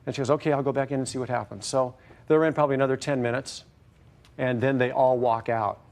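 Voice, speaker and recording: A middle-aged man telling his story in court, halting and full of fillers. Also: medium pitch, steady tone, a little mellow. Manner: hesitant, halting, many fillers. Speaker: plaintiff. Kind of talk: testimony in court.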